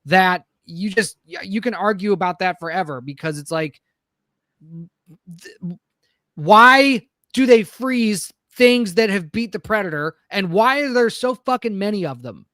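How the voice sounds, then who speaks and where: A man co-hosting a casual podcast, hurried and argumentative, apologizing that he has to wrap up. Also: high-pitched, animated, pushed and bright, dry recording, studio quality. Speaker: podcast co-host.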